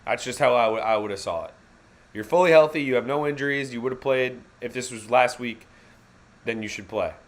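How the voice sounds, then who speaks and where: A man hosts a live fan reaction stream at a medium pitch, calling the game play by play in a relaxed, wisecracking style full of slang and quick self-corrections.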